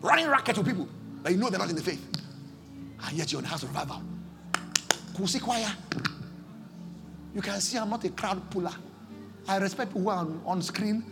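Fiery Nigerian pastor, high and gravelly. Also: male voice, animated, fairly quick, pauses often, music in the background. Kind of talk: sermon. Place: church service.

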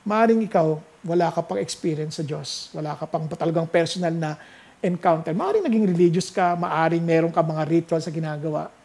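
A preacher with a Filipino accent at the pulpit, moving between Tagalog and English. The voice sits at a middle pitch, rising into loud exclamations and then dropping to a hushed, slow reading of scripture. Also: vocal fry. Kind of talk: sermon mixing Tagalog and English.

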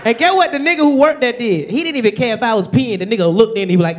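Rowdy high-voiced young man. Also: very fast, a little hiss or hum. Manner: crude, rowdy banter. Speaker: comedian. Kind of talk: live comedy storytelling. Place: comedy club stage with audience.

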